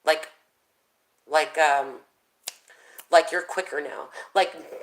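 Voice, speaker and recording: A woman's voice: low-pitched, steady tone, extremely slow, poor audio. A woman doing a casual tarot reading, chatty and thinking aloud with plenty of fillers. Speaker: tarot reader.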